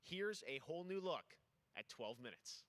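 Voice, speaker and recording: A man's voice: a little high, expressive, normal speed, very noisy. A man hosting a games showcase, announcing the next segments in an upbeat, promotional way. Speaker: show host. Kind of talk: announcer-style show presentation.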